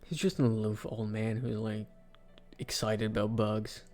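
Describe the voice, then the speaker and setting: Low-voiced man rambling casually. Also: unhurried, soft background music. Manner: rambling, with sudden excited outbursts. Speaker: video creator. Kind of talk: casual commentary ranking game characters.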